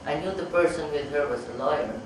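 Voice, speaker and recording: A man's voice: fairly high pitch, a little fast. A middle-aged man, a psychiatrist, telling stories about his patients to a meeting audience and acting out their lines. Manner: storytelling, acts out patient dialogue. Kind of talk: anecdotal talk to an audience. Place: meeting hall. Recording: echoey hall, speaker far from mic, noisy.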